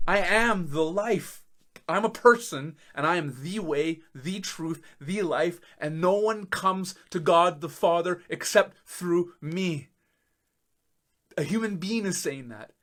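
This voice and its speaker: Emphatic man preaching a sermon. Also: high voice. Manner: emphatic, laughs in disbelief, swings between loud and soft. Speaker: pastor. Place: church.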